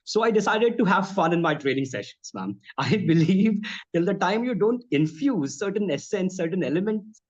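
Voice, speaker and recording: Expressive man, lo-fi sound. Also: sits high, moderate pace. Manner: expressive, laughs often, keeps saying ma'am. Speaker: spoken English trainer. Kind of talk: interview answers.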